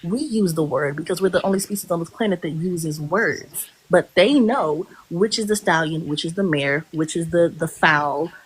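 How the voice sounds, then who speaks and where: A woman's voice: fairly low pitch, normal speed, slightly rough, poor audio. A woman arguing in a heated online debate, insistent and repeatedly asking to hold the floor.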